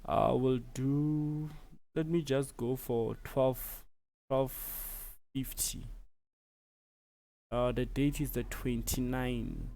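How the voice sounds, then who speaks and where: South African man, tutorial voice, gravelly, dark tone, step-by-step. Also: medium pitch, very slow. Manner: relaxed step-by-step explaining with fillers. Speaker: tutorial presenter. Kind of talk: screen-recorded tutorial.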